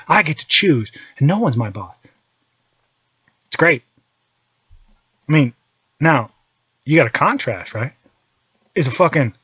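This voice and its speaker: A man's voice: a little high, no echo, lo-fi sound. A man in his thirties telling stories in a casual monologue, swearing freely and acting out his own side of conversations. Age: 30s. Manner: profane, animated storytelling. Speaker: podcast host and holster maker.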